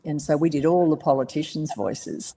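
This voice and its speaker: A voice actress in her seventies, an older Australian woman, appears as a guest in a casual interview chat. Her voice is low and her pace normal, and she's a lively storyteller who laughs often.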